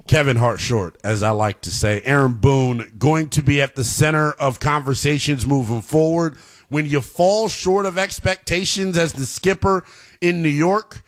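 A man hosting a sports radio show, giving emphatic, fired-up commentary and talking straight to his listeners. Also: fairly high pitch.

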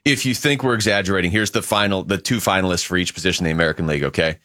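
A man hosting sports radio, joking and teasing in quick casual banter. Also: deep voice, pushed and bright, no echo, studio quality.

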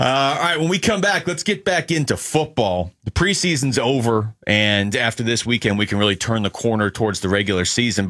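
A man co-hosting sports talk radio, steering the segment in a measured way. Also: on the low side, fairly bright tone, dry recording, studio quality.

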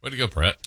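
A man's voice: sits low, pushed and bright, breathy edge. A man co-hosting a podcast who keeps cutting in with short, teasing remarks. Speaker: podcast co-host. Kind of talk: casual chat.

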